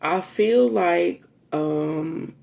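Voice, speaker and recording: A woman's voice: on the low side, extremely slow, vocal fry, a little mellow. A woman giving a casual, emotional tarot reading straight to her viewers, chatting freely and swearing now and then. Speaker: tarot reader.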